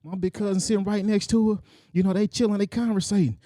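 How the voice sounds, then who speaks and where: High-voiced man telling a wild story. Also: fast, no echo, studio quality. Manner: animated, acts out quotes with sound effects. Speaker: podcast co-host telling a story. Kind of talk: casual storytelling.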